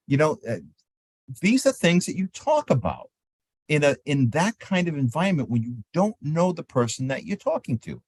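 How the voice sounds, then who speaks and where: A man's voice: a little high, normal speed, slightly rough, no room sound. A man giving a casual seminar talk on trade show manners, often acting out sample conversations with booth visitors. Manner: animated, acts out sample exchanges in lively voices.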